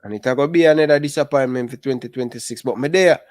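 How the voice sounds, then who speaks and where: A young adult man with a Jamaican accent, chatting casually about football in animated patois. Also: medium pitch, quick pace, no room sound. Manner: animated, speaks Jamaican patois and calls listeners brother. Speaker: football channel host. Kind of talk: casual chat.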